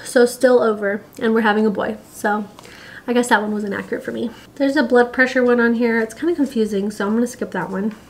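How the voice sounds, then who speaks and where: A woman's voice: a little high, fairly even intonation, fast talker. A pregnant young woman talking casually to camera, chatty and giggly, with lots of fillers. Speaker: vlogger.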